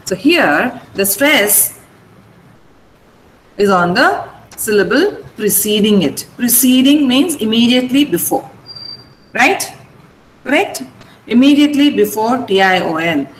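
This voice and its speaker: A woman's voice: a little high, expressive, measured pace, pauses often, echoey room, a little hiss or hum, low-quality recording. A woman with an Indian English accent, an English teacher who explains pronunciation patiently and has students repeat words. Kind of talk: online vocabulary class.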